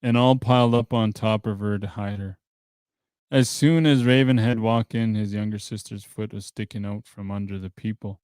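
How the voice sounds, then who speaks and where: Smooth-voiced man reading a folk tale. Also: on the low side, no room sound. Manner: plain steady storytelling with dry offhand asides. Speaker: podcast host. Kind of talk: reading a translated traditional story aloud.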